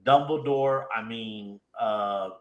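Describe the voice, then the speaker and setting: A man's voice: lowish voice, takes it slowly, reverberant, lo-fi sound. A man casually recapping an anime episode, retelling scenes with laughs and little acted-out quotes. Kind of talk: casual chat.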